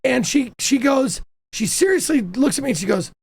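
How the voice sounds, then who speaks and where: Gravelly, animated man telling stories. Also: extremely high pitch, normal speed, no echo. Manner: animated, laughing storyteller. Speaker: host interviewing his mother. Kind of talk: casual storytelling chat.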